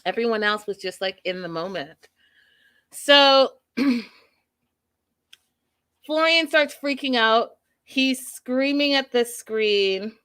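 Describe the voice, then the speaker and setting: Woman host doing a casual tv recap, chatty and emphatic, gets real animated. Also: a little high, slow pace, pauses often, clean tone. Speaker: podcast host.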